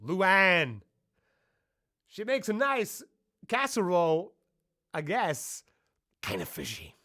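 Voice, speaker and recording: A mellow dude drawls low and lazy, as a man puts him on. He sounds easygoing and unhurried. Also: huge pitch swings, full character voice. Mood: laid-back.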